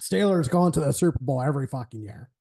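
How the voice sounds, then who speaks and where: A man's voice: medium pitch, animated, fast, creaky, mellow. A man putting on a Pittsburgh accent to play a grumbling male sports fan who swears and sounds fed up. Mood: exasperated. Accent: put-on Pittsburgh.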